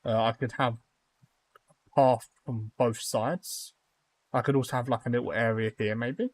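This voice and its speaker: A man's voice: mid-range voice, fairly even intonation, measured pace. A young man live-streaming a building game, chatting casually with viewers and rambling through lots of fillers and restarts.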